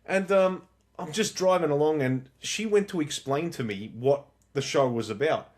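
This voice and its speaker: Man, podcast co-host, casual storytelling, swears a lot, slightly high voice, very lively pitch. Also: normal speed. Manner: animated storyteller, swears freely. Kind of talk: casual chat.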